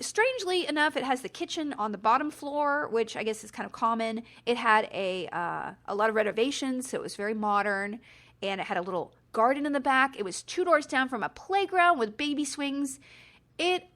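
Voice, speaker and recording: A woman in her forties with a fairly high voice tells a long personal story on her podcast. She is chatty and animated, tossing in self-deprecating asides as she goes. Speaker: podcast host. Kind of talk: casual storytelling.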